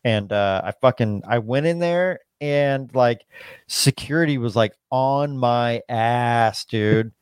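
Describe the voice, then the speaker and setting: A man talking loosely on a podcast, his speech full of filler words and swearing, wandering from one point to the next. His voice sits in an ordinary middle pitch. It is picked up close and dry, with no room sound. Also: slow, clear, resonant tone, no room sound. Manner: rambling, heavy swearing, lots of "like" and "dude". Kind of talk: casual chat.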